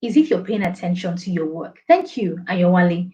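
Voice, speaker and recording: A woman's voice: fairly low pitch, animated, moderate pace, warm tone. A woman coaching an online class on presentations, reading out viewer comments and laughing often. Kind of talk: live online training session. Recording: dull lo-fi stream audio.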